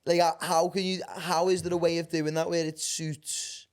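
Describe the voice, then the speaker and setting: A man, co-hosting a podcast in casual chat, eager and quick to laugh. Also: fairly high pitch, level tone. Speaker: podcast co-host.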